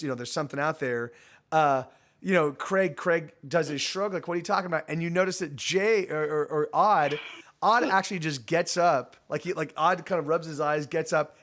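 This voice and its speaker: A man narrating as game master for a tabletop game, talking in halting bursts full of restarts. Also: a little high, fairly bright tone.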